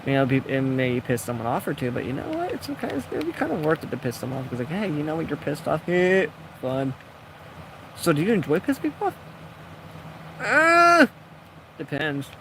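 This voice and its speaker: Man, casual storytelling, rambling and jokey, slightly high pitch, faint outdoor noise. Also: very animated, normal speed, long pauses. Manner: rambling, jokey, acts out quoted people. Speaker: gaming video creator. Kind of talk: casual storytelling while building.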